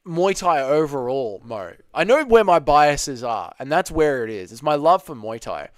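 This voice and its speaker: A man's voice: a little high, big pitch swings, normal speed, hardly any pauses, no room sound, clean studio sound. A man hosting a casual livestream Q&A, reading chat questions aloud and bantering back.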